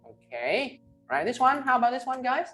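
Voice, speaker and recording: A male English teacher with a Vietnamese accent leads an online class. He models each word slowly and tags most phrases with "right?" or "huh?". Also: extremely high pitch, very animated, sharp tone, soft background music. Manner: ends phrases with tag questions "right?" and "huh?"; slow, emphatic model pronunciations. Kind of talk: online class, pronunciation drilling.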